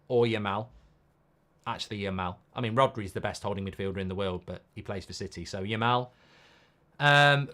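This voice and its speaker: A man's voice: mid-range voice, a bit bright. A man hosting a live football watchalong, talking bluntly and reacting to the game while reading viewer comments.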